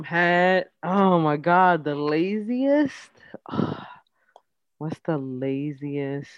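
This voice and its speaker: A woman's voice: extremely low pitch, no room sound. Woman, podcast co-host, casual chat, playful teasing, dry slightly muffled recording. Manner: playful, teasing, mock-scolding.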